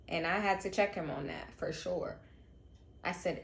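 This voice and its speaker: A woman's voice: on the low side, normal speed, gravelly, reverberant. A young woman vlogging about raising her late sister's children, emotional and confiding, talking straight to her viewers. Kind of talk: candid personal vlog.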